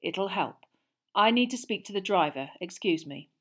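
A hoarse, worn-out male wizard teacher from a storybook, as a woman reader puts him on. He speaks calmly and firmly, pitched only a little above his reader's own voice, and gives short orders. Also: moderate pace. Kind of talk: audiobook character reading.

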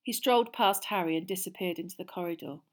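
Expressive woman reading a story aloud. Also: fairly low pitch, quick pace. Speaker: audiobook narrator. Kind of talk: scripted narration.

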